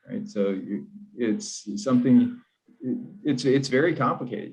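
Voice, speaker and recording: A man's voice: lowish voice, slow pace, vocal fry, darkish tone, rough recording. A man speaking in a panel discussion on a video call, talking casually with hesitations and repeated words.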